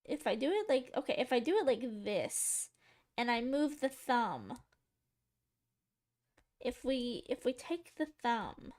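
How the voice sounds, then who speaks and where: A woman's voice: on the high side, big pitch swings, slow pace, long pauses, a little mellow. A woman streamer chatting casually to her viewers while drawing, rambling, giggly and poking fun at herself. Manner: rambling, giggly, self-mocking, talking to chat.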